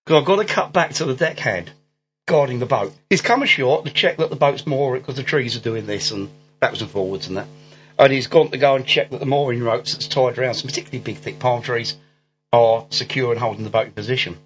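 Man, podcast host, rambling, chuckling, filler words, mid pitch, dull lo-fi sound, faint music. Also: fairly quick. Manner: rambling, laughing, full of ums and restarts. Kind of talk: casual movie-recap chat.

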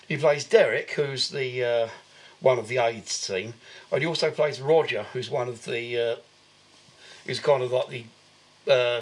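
A man co-hosting a podcast, giving a rambling, filler-heavy recap of a film in casual chat. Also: mid-range voice. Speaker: podcast co-host.

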